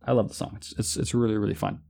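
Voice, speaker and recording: A man's voice: fairly low pitch, level tone, racing, creaky, dark tone. A man hosting a music show, giving casual, rambling commentary with a playful, self-deprecating manner. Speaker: music show host and playlist curator.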